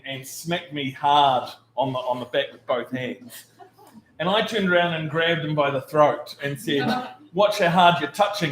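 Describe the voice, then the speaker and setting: A man hosting a memorial gathering tells a wry anecdote and thanks everyone for coming. His voice is a bit higher than most men's. It echoes around the room, with faint ambience behind. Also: a bit bright, a little hiss or hum. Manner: wry storytelling.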